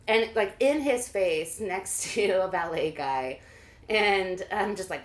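A woman bartender telling a lively story in casual chat, acting out the voices of the people in it. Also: deep voice, normal speed. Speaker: bartender and podcast co-host. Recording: echoey room.

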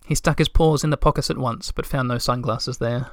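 A man narrating a storybook in a calm, measured way. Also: medium pitch, no echo, clean studio sound. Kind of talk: audiobook narration.

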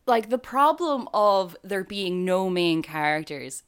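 This is an Irish woman co-hosting a podcast in loose, animated chat. She fills her talk with likes and ums and laughs often. Her voice is smooth and clear, pitched in the middle for a woman. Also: takes it slowly. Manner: animated, chatty, full of fillers; laughs often while talking. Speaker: podcast co-host. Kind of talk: casual chat.

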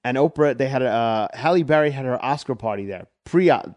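A man's voice: mid-range voice, expressive, fairly quick, a little mellow. A man co-hosting a casual chat show, easygoing and agreeable, telling rambling stories. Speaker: podcast co-host.

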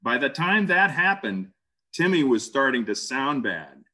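A man casually recounting an ordeal in an interview, halting and animated. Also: medium pitch. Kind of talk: casual storytelling.

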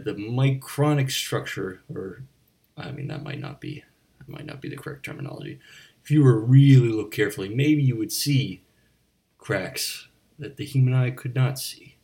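A man hosting a comedy bit as a bartender, rambling in a deadpan way with slips and restarts. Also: medium pitch, moderate pace, gravelly. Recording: voice a bit distant from the mic.

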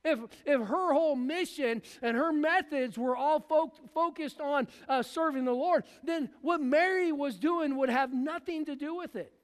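High-voiced man preaching in a reverberant hall. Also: moderate pace, hardly any pauses. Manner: preaching with acted-out voices of biblical figures. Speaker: pastor. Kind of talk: sermon.

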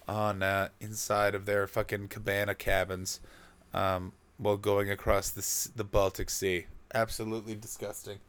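A man's voice: lowish voice, clear, resonant tone. A man from Canada doing a rambling, profane comic monologue as a podcast host.

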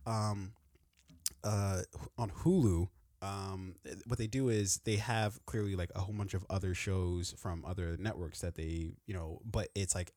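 A man's voice: low voice, steady tone, measured pace, a little mellow, no room sound, clean studio sound. A man co-hosting a podcast, chatting casually with lots of fillers and frequent laughter. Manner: rambling, laughs often, many fillers. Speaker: podcast co-host. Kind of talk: casual chat.

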